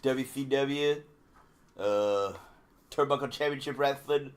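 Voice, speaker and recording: A man's voice: mid-range voice, slow, voice pushed down, lightly acted. A man doing an impression of a boastful, drawling old wrestling legend who teases his co-host and calls him baby. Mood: boastful teasing. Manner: swaggering, teasing, calls people baby. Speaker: podcast co-host. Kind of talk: comedic impression.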